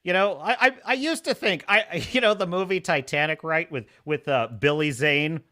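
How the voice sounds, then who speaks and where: A man's voice: a little high, moderate pace, pushed and bright. A man hosting a casual livestream, talking animatedly, laughing often and reading chat comments aloud. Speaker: livestream host.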